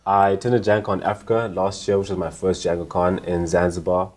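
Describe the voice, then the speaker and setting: A young man from Zimbabwe with a very low, deep voice answers questions as a guest. He speaks in an easygoing, reflective way, with frequent fillers like "like.". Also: little pitch movement, normal speed, a little mellow. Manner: thoughtful, easygoing, lots of "like". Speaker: guest, conference organizer. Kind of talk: casual interview answers.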